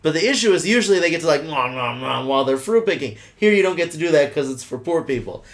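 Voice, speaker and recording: A man hosting a podcast, telling a family story in an animated, profane way and acting out the people in it. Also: on the high side, rapid-fire. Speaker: podcast host. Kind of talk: casual storytelling chat.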